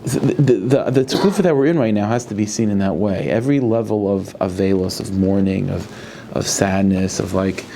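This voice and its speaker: A male rabbi giving a Torah lecture. He talks in halting bursts, restarting and repeating words as he thinks aloud. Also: on the low side, vocal fry, warm tone, a little hiss or hum.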